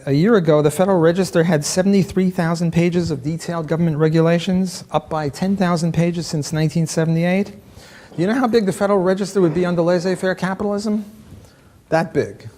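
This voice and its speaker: Sarcastic, jokey man lecturing, pitched high. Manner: sarcastic, jokey and animated, with frequent "uh" and restarts. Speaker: economics lecturer. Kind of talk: conference lecture to a live audience. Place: conference hall.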